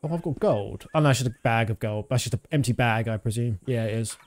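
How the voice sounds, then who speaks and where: A man's voice: mid-range voice, quick pace, a little mellow. A man in his thirties giving casual, rambling commentary while streaming a game, with many fillers.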